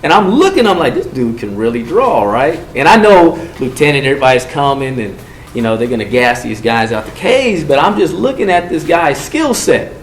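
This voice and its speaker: A man speaking to a group about gang and drug prevention, telling a story and acting out the quotes with big swings in voice. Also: moderate pace. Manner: animated, acts out quotes with swings in pitch and volume. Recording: echoey room with faint noise.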